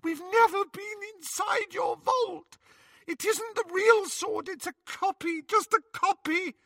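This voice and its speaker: A man's voice: very high voice, slow, pushed and bright, dry recording, recorded from a distance, pitched above the performer's own voice, heavily acted. A man voicing a frightened teenage girl who pleads through sobs in an audiobook. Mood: sobbing. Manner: sobbing, pleading.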